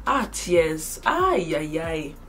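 Nigerian woman vlogger, lower voice. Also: extremely slow, faint music behind. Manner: animated, switches between hushed and loud. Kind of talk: casual storytelling to camera.

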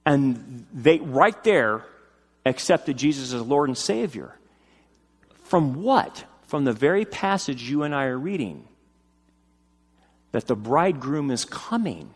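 A man preaches with a voice that sits fairly high and swings widely, climbing to loud, emphatic peaks before dropping back down. His tone stays conversational, with casual asides mixed into the sermon. The sound carries a long, echoing reverb from a church hall. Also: sing-song, a little slow. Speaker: pastor.

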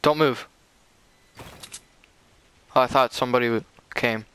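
A young man chatting casually with a teammate while playing, excitable and saying "dude" a lot. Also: medium pitch, a little slow, smooth. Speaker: gamer. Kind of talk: casual gameplay chat with a teammate.

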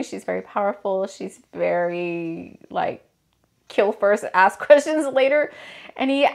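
A woman reading oracle cards in a casual, gushing way, laughing often as she talks about her decks and her books. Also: medium pitch. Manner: gushing and excitable, quick to laugh. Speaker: spiritual energy reader and deck author.

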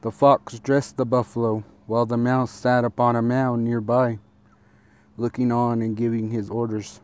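A man reading a fable aloud as a storyteller, steady and deliberate, with a few small restarts. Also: mid-range voice, clean tone.

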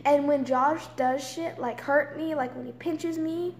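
A young woman in her late teens venting in an angry, profane rant, swinging between loud outbursts and hushed whispers. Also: high voice, fairly even intonation, unhurried. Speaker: vlogger. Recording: roomy echo with faint background noise.

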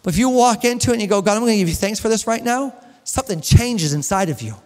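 High-voiced pastor preaching in a reverberant church. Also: male voice, animated, quick pace. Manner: storytelling, asks the congregation questions, jokes and laughs. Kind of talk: sermon. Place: church hall with long reverb. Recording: echoey church hall.

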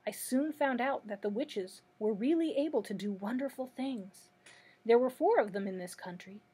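A woman's voice: fairly high pitch, breathy edge. A woman reading aloud as an old man who is a false wizard, confessing meekly. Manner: confessing, gentle storytelling delivery. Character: old male humbug wizard, meek and apologetic.

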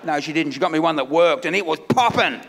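A middle-aged Australian man doing a loud, brash stand-up comedy set on a festival stage, laughing at his own jokes. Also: a little high, quick pace, creaky, a little hiss or hum. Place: comedy festival stage before a live crowd. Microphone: stage microphone.

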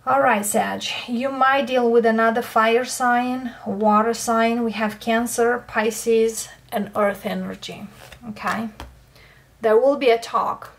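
Woman, tarot reader, slow and steady, keeps asking "okay?". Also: fairly high pitch. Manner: unhurried, checks in with "okay?" and repeats "I feel here". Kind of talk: tarot card reading.

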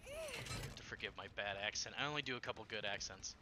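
A man streaming a horror game, chatting casually and rambling with many fillers and sudden excited bursts. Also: fairly low pitch, quick pace, noisy background. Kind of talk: casual gameplay chat.

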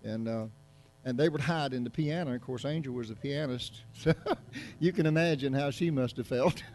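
Folksy pastor, rambling sermon. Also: male voice, mid-range voice, moderate pace, darkish tone. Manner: folksy, joking, rambling with many restarts. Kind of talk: casual sermon to a congregation. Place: church sanctuary.

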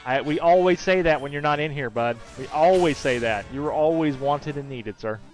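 At normal speed and with a voice on the high side, a man runs a casual gaming stream and reads comments from viewers aloud. He's chatty and greets his regulars warmly by name in the banter. Soft music sits behind a rough recording.

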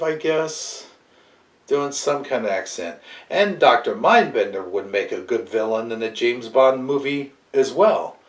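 Male toy-review host, slow and easygoing delivery, mid-pitched, casual chat. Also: reverberant, distant mic. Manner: slow, unhurried, chatty with fillers. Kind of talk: casual toy review, reading file card aloud.

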